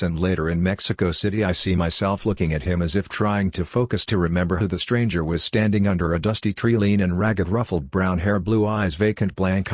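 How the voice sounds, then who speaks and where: A man slowly reading his own literary fiction aloud in a deadpan, fragmented recitation. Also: low voice, no room sound, studio quality.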